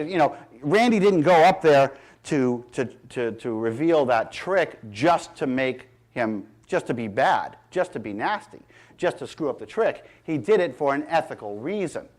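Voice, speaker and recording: A middle-aged man giving an emphatic, sarcastic public speech. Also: on the high side. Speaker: speaker.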